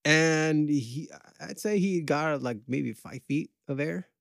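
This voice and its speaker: A man's voice: on the high side, slow, vocal fry, no echo. A man co-hosting a casual podcast chat, joking bluntly and swearing freely, recorded close on a mic. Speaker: podcast co-host.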